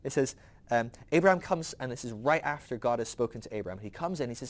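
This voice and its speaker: A man's voice: medium pitch, animated, fast talker. A man hosting a podcast who teaches from the Bible in a casual storytelling way, laughing often.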